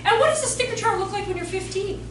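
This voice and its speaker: A woman in her forties teaching childcare staff about behavior, with a high voice and a sassy, storytelling manner. She slips into the children's voices as she tells her stories. She is heard from a distant mic in an echoey room, with faint noise behind her. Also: quick pace. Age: 40s. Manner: lively, sassy storytelling, acts out kids' voices. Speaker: behavior trainer. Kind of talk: workshop talk to childcare staff.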